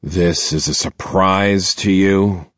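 A man's voice: sits low, fairly even intonation, slow pace, a bit bright, no echo, highs cut off. A man voicing a tired, irritable father in an audiobook, curt and weary.

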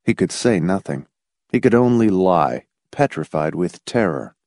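Expressive low-voiced male narrator. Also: creaky, no echo, studio quality. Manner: measured, expressive reading. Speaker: audiobook narrator. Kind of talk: scripted narration.

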